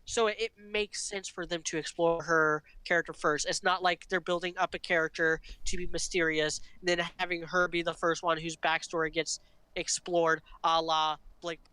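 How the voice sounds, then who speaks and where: A man's voice: fairly high pitch, flat delivery, moderate pace, pushed and bright, clean tone, dry recording, low-quality recording. A man co-hosting a podcast over an online call, chatting casually and starting sentences over as he thinks. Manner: hesitant, restarts often. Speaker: podcast co-host.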